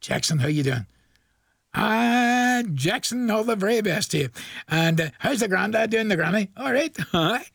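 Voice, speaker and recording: A man's voice: sits high, expressive, moderate pace, vocal fry, a bit bright, dry recording, studio quality. A man in his forties with a Northern Irish accent, presenting a local radio request show in a chatty, jokey way and chuckling often. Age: 40s.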